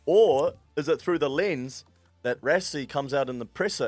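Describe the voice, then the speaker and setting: A man's voice: on the high side, moderate pace, darkish tone, no room sound, soft background music. Joking New Zealand man, dry close sound. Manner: joking, slangy banter. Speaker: podcast co-host. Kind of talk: casual sports chat.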